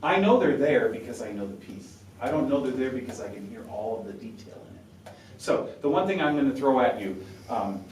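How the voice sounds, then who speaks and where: A man's voice: mid-range voice, darkish tone, a little hiss or hum. A man coaching a saxophone quartet, talkative and encouraging, sounding out syllables to demonstrate. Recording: roomy sound from a distance with faint ambience.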